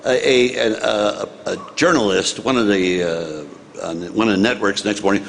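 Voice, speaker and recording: An older man from the United States, a former senator, telling an animated story to an audience and acting out the dialogue. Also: fairly low pitch, moderate pace, creaky, slight background noise. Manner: animated, acts out dialogue, chuckles at own story.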